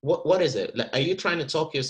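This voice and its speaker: A man teaching an acting masterclass, talking in an animated, encouraging way and repeating words as he thinks. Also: on the high side, fast, rough recording. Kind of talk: masterclass coaching.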